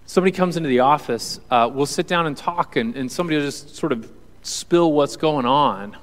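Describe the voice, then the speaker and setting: A man's voice: on the high side, fairly quick, fairly bright tone, big-room sound. A male pastor preaching a sermon to a congregation in an earnest, conversational way. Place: church hall with audience.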